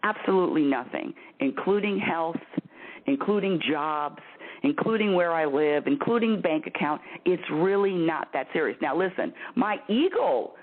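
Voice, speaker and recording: A woman hosts a spiritual call-in talk, her pitch swinging up and down as she goes. She laughs easily and circles back over her words. The sound is thin and phone-like. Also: moderate pace. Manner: animated, laughing, repeats words. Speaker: spiritual talk show host. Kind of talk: phone-in radio advice chat. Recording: tinny phone line.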